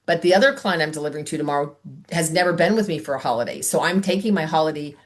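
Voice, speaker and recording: Chatty low-voiced woman coaching sales. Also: racing. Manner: chatty, acts out customer dialogues. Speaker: sales team trainer. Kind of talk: casual training talk on a video call.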